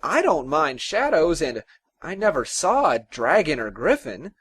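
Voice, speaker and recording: A man's voice: fairly high pitch, wildly swooping pitch, measured pace, fairly bright tone, full character voice. A man voicing a cheerful, fearless, simple-minded young man who talks eagerly in a storybook tale. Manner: eager, grinning, chirpy.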